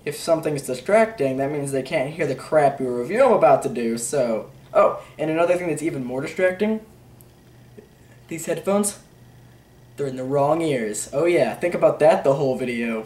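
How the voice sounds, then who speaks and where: A man's voice: a little high, expressive, normal speed, darkish tone, recorded from a distance. A teenage boy giving a rambling, unsure movie review, full of fillers and offhand "blah, blah, blah" asides. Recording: roomy echo, a bit off-mic.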